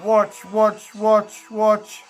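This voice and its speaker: Male vlogger, high voice, rambling and jumpy, phone mic. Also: completely flat delivery, very slow, faint music behind. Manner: rambling, jumpy, talks straight to his viewers. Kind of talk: rambling casual phone vlog.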